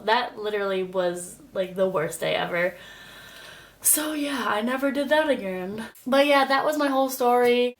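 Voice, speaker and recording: A young woman telling a story in a casual vlog, chatty and full of "like" and "literally.". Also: a little high. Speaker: vlogger.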